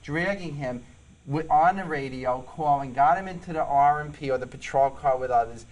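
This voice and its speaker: A man's voice: a little high, moderate pace, rough recording. Earnest New York-accented man telling stories. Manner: earnest storytelling, emphatic repetitions. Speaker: psychologist and police sergeant guest. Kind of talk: interview conversation.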